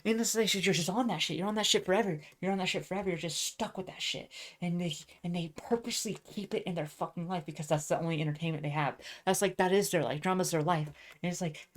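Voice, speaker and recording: A woman's voice: lowish voice, fast talker. A woman venting in a casual, profane monologue, rambling with many fillers and restarts. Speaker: vlogger.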